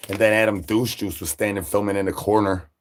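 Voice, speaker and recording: A man rambling through absurd nonsense banter on a comic live stream, breaking into sudden high shouted asides. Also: fairly even intonation, brisk, noisy background. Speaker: livestreamer.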